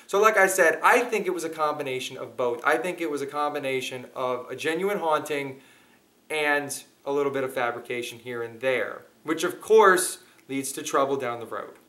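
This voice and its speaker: A man's voice: medium pitch, moderate pace, bright, forceful tone. A man hosting, telling a story to his viewers in an earnest, casual way. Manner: earnest, speaks straight to viewers. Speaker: host.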